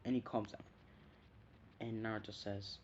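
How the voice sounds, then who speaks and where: A man's voice: on the low side, little pitch movement, moderate pace, breathy edge. A man casually retelling a fan story, rambling and hesitant, often stopping to correct himself. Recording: dull lo-fi home recording.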